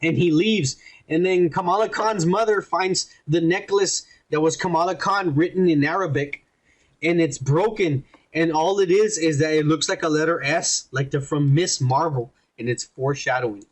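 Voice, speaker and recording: A man with a fairly high voice talking casually on a podcast. He rambles and swears his way through a story, slipping into quick voices for each character. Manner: profane, rambling, animated retelling with quoted voices. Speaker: podcast host reviewing a TV episode.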